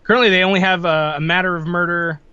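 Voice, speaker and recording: Casting note: male co-host, high and bright, playful, dry close sound. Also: fairly even intonation, quick pace, smooth, no echo, highs cut off. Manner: playful, slips into old-timey put-on voices. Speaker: podcast co-host. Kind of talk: casual podcast chat.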